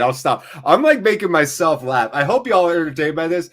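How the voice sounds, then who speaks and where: A man's voice: fairly high pitch, big pitch swings, brisk, few pauses, fairly bright tone. A man hosts a casual live football watchalong while running a fever. He rambles, swears offhandedly and pokes fun at himself. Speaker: livestream host.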